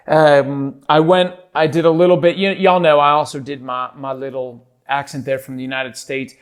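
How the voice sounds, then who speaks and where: A man's voice: a little high, flat delivery, moderate pace, few pauses, clean tone. A man hosting a casual solo podcast, talking in a playful, self-deprecating way. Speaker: podcast host.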